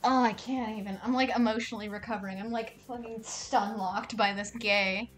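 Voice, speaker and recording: A woman streams a game live, talking in an excitable, rambling way full of swearing. Her voice sits fairly high, with faint music playing behind her. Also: moderate pace.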